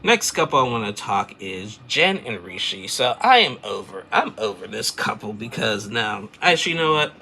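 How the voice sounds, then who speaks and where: Male recap host, very low and gravelly, loose chatty delivery, faint hiss behind. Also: big pitch swings, normal speed, hardly any pauses, sharp tone. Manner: rambling, chatty, loose filler-heavy storytelling. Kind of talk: casual recap chat.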